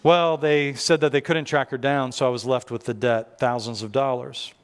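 A man's voice: mid-range voice, fairly even intonation, moderate pace, a little hiss or hum. A man preaching a sermon as pastor, telling stories conversationally with self-deprecating humor, in a church. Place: church sanctuary. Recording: long reverb of a large church hall.

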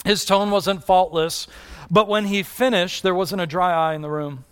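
A man's voice: high-pitched, fairly even intonation, moderate pace, smooth. A man preaching a sermon in an earnest style, with rising and falling delivery and repeated questions to the congregation. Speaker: pastor.

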